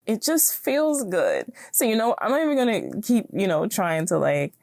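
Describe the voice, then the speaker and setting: A woman's voice: medium pitch, sing-song, normal speed, creaky, a little mellow, no echo, clean studio sound. A woman hosting her own podcast, talking casually and encouragingly, laughing now and then. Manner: chatty, encouraging, laughs often. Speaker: podcast host. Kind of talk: casual solo podcast talk.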